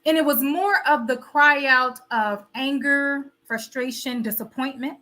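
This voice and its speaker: Her voice is high-pitched, bright, and forceful, and she speaks a little slowly. She's a woman running a wellness talk show, giving a preachy motivational live talk packed with rhetorical questions and repetition.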